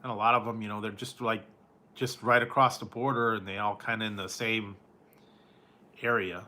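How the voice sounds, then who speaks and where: With a fairly low, bright voice that barely moves in pitch, a man hosting a casual live stream about food talks at a moderate pace in a forceful tone. Easygoing and quick to chuckle, he likes doing goofy surfer-dude impressions for his viewers.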